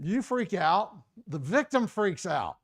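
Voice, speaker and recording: Gravelly man teaching a first aid class. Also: high voice, big pitch swings, slow. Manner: casual, joking, addresses audience directly. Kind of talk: live workshop teaching.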